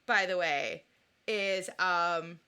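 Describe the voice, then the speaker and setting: A woman co-hosting a podcast in casual chat, animated and jokey, often acting out quotes from the film. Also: fairly low pitch, extremely slow, heavy background noise. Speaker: podcast co-host.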